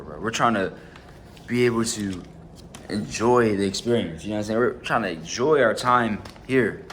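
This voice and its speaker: A man with a fairly low voice hosts his own vlog, talking money and hustle in an easygoing, slangy way. He keeps circling back with "you know what I'm saying" as he chats from home. A faint background noise sits under the recording. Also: a bit bright. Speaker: channel host. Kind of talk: casual motivational vlog talk.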